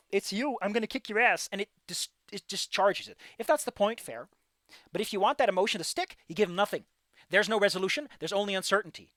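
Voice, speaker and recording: A man streaming a game, giving casual, animated commentary and ranting with frequent swearing. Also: high-pitched, no echo, studio quality. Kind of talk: casual let's-play commentary.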